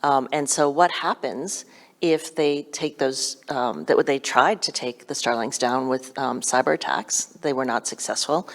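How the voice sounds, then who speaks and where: A woman on a panel, talking quickly with many filler sounds. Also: a bass voice, long reverb tail. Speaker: panel speaker. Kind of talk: panel discussion.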